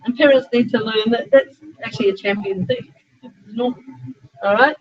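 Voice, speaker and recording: A middle-aged Australian woman speaking as a sport psychologist, giving a chatty, animated talk to a small group of students and breaking into frequent asides. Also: on the high side, normal speed. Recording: dull lo-fi recording.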